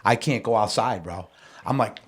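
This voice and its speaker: A man's voice: on the low side, normal speed, breathy edge. A man hosting a podcast, telling a story in a casual, slangy, profane way with lots of animation. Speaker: podcast host.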